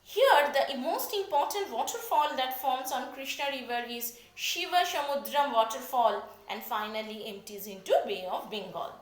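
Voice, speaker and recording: Brief: high, lively Indian woman teacher, dictating a lecture in an echoey room. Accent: Indian English. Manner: repeats key points slowly, spells words out. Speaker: geography teacher. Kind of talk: classroom lecture.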